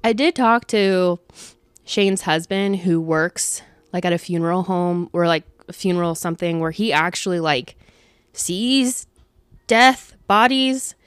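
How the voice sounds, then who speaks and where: A young woman candidly venting about her workday in a casual monologue, swearing freely and acting out conversations in lively voices. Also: on the low side, measured pace, clean tone, dry recording, studio quality. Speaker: vlogger venting about work.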